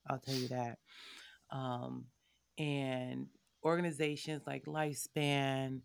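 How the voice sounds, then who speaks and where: A woman in her thirties, a board member, telling her family's story in an emphatic, animated way with pointed asides to the listener. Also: a bass voice, gravelly, dry recording, studio quality. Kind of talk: personal storytelling in a conversation.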